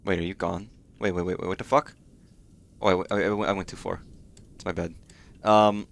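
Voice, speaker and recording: Male streamer, low register, talks to himself while playing, swears a lot, casual. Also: flat delivery, normal speed, vocal fry, slight background noise. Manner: swears freely, startled muttering to himself. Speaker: game streamer. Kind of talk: casual gameplay commentary.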